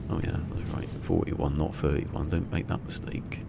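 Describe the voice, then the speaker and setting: A man's voice: moderate pace, creaky. A man streaming a game, chatting casually and rambling through stories with frequent chuckles. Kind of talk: casual chat while gaming. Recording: steady rumble behind the voice.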